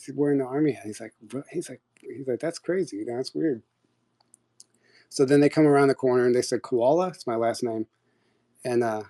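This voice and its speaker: A man's voice: medium pitch, mellow. A young man casually telling a personal story on a live audio chat, rambling, full of restarts and quoted dialogue.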